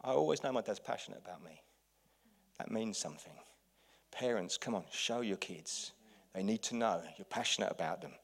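A man, a pastor, preaching a lively sermon full of anecdotes, dropping to quiet asides and then rising to loud outbursts. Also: lowish voice, moderate pace, gravelly, husky.

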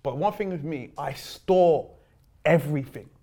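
A young man talks as a guest on a casual interview. His speech is relaxed and loose, full of "like" and restarts. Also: fairly high pitch, unhurried. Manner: laid-back, repeats himself, says "like" a lot. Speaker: guest, professional footballer.

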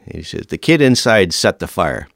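A middle-aged man, a firefighter, telling lively stories in an interview and acting out the dialogue. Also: low voice, moderate pace, gravelly, dry recording, studio quality. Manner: animated storyteller, acts out quoted dialogue. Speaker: firefighter guest. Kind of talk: storytelling in an interview.

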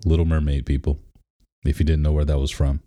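A man's voice: extremely low pitch, little pitch movement, fairly quick, warm tone. A man co-hosting a podcast in casual chat, playful and joking, sometimes breaking into short sung bits. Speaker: podcast co-host.

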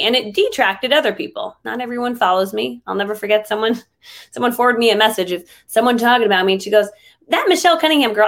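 A woman speaking as a guest in a casual interview, chatty and lively, with frequent fillers and laughs. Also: on the high side. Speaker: interview guest, online trainer.

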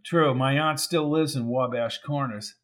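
A man's voice: mid-range voice, fairly even intonation, measured pace, fairly bright tone, natural voice. A man voicing a frightened woman caught up in union corruption, earnest and worried, for an audiobook. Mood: chatty.

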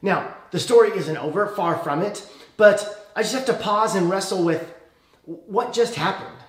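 A man's voice: sits high, a little slow, roomy sound. A man preaching a sermon in a conversational way, often checking in with "okay?".

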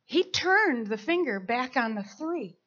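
A middle-aged woman giving a sermon, telling personal stories in an animated way and acting out the voices of people she quotes. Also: sits high, unhurried. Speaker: speaker at church service. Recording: slightly dull lo-fi sound.

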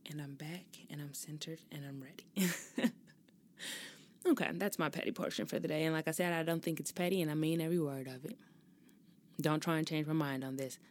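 A woman's voice: on the low side, no echo. A young adult woman hosting her own podcast, talking casually and expressively, ranting and cursing freely. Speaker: podcast host. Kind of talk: casual solo talk.

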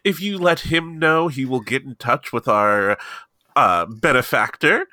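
A man playing a scheming young broker who talks with polished, overly polite courtesy. His lowish voice is bright and lively, recorded close and dry. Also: measured pace, no echo. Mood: smooth. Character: smooth, scheming young male protection broker.

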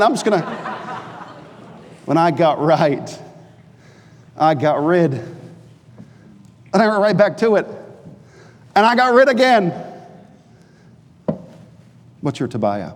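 A man from New Hampshire preaching a sermon, telling stories and jokes, then dropping low and earnest. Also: big-room sound. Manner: animated storytelling preacher, shifts from jokey to low and earnest. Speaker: pastor.

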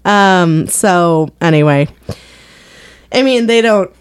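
A woman's voice: fairly low pitch, takes it slowly, clear, resonant tone, no echo. A woman chatting casually about TV shows, full of filler words and laughter. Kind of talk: casual chat.

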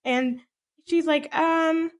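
A woman casually recapping a film, rambling with filler words and quick asides. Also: very high-pitched, fairly even intonation. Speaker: co-host retelling a film. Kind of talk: casual chat.

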